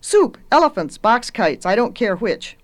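Stubborn little girl, plain and matter-of-fact, higher voice, put on by a woman reader. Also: sing-song, normal speed. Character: stubborn calm little girl, storybook heroine.

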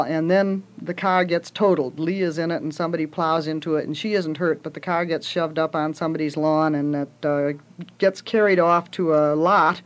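A woman with a somewhat low voice retells a children's story in her own words. She speaks in a relaxed, casual way and pauses with small fillers.

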